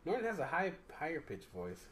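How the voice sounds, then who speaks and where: Lively male comic with bouncy pitch. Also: a little fast, roomy sound, distant mic. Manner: lively, laughing, casual cursing. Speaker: podcast co-host, stand-up comic. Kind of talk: casual podcast banter.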